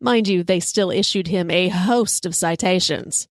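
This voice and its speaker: A woman's voice: lowish voice, unhurried, no room sound. Woman telling a story, dry close sound. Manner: lively, conversational storytelling with Southern address. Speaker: podcast host. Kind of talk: storytelling monologue.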